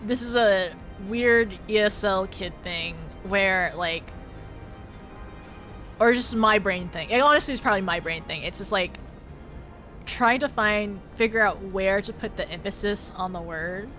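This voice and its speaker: A woman's voice: medium pitch, unhurried, sharp tone, soft background music. A woman livestreaming a game, chatting casually with viewers, giggling often and tripping over her words. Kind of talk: casual live-stream chat while gaming.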